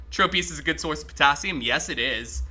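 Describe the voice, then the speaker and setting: A man streaming a game live, chatting excitably with his viewers and swearing freely as he plays. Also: a little high, normal speed. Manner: talks to chat while playing. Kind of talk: casual live-stream gaming commentary.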